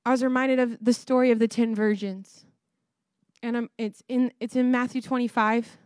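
A woman preaches with rising fervor, her high voice pushing toward a shout at its peaks. She laughs between points and talks straight to the congregation. The sound is dry and close, with no room around it. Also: fairly even intonation, moderate pace, clear, resonant tone, no echo. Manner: passionate, rising to near-shouting, laughs often. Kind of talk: sermon.

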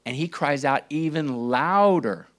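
A man preaching a sermon, reading scripture verses and asking rhetorical questions, with big dramatic swings in pitch and volume. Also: expressive, a little slow. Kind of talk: sermon teaching.

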